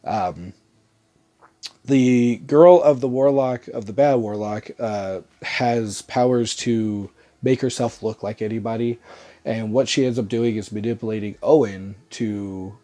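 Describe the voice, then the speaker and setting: A man's voice: on the low side, a little slow, mellow. A young man with a stuffy, congested nose from a cold, giving a loose, rambling movie review with lots of "uh" fillers. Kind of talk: casual spoken movie review.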